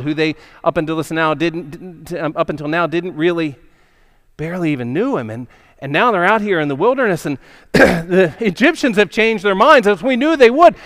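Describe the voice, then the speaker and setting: A male pastor with a fairly high voice tells a story to his congregation in a church. He talks in a loose, conversational way and keeps checking in with the room. His delivery is animated and full of small asides. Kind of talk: storytelling sermon. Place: church sanctuary.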